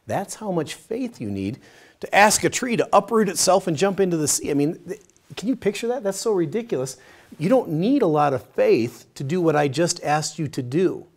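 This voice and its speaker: With a high voice and a moderate pace, a middle-aged man teaches a Bible study session. He tells stories with lively energy, shifting from loud, emphatic lines to hushed ones.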